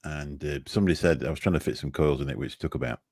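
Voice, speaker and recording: Very deep-voiced rambling man. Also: fast talker, darkish tone, slightly rough, no room sound, studio quality. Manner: rambling, self-deprecating, sarcastic. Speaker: guest on live chat. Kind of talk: casual chat.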